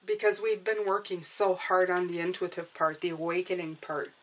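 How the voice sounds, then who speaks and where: A woman's voice: fairly low pitch, flat delivery, moderate pace, fairly bright tone, slight background noise. A woman giving an earnest spiritual tarot reading, coaxing her viewers and often checking in with "okay?" and "you guys". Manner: emotional, coaxing. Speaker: tarot reader.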